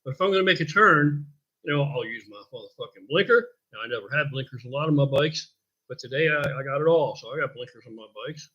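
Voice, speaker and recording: Fast, expressive and forceful, this medium-pitched voice is bright and slightly rough. It belongs to an older host from the United States who rambles with blunt profanity on a casual live stream, fielding questions from viewers, all through dull, lo-fi audio.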